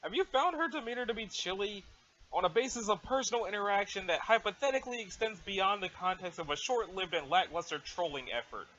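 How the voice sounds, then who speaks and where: A man's voice: high voice, lively intonation, a little fast, pushed and bright, lo-fi sound. A man reading as a stiff formal alien girl. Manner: stiff, overly formal wording.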